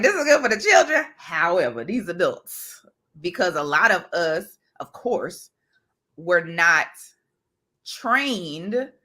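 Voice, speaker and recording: A woman's voice: fairly low pitch, sharp tone. A mother on a casual group call, animatedly retelling a lesson, acting out quotes and checking in with "right?" as she goes. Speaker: accountability group member sharing a lesson. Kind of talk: casual video-call chat.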